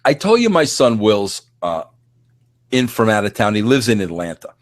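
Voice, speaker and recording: A man's voice: lowish voice, very animated, moderate pace, no room sound. A man in his fifties hosting a podcast monologue, emphatic and full of stammering restarts. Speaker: podcast host. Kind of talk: casual monologue.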